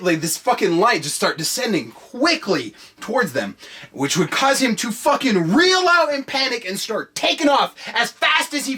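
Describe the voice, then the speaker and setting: A man hosting a podcast, telling a story comedically with heavy swearing, jumping between hushed lines and shouting. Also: sits high, husky. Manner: profane, excitable, swings between hushed and shouting. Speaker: podcast host.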